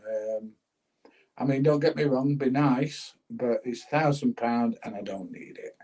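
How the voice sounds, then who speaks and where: Older bloke chatting on a stream, plain mid voice, laughs a lot. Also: male voice, medium pitch, unhurried, a little mellow, breathy edge, low-quality recording. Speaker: livestream host reading viewer comments. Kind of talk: casual chat.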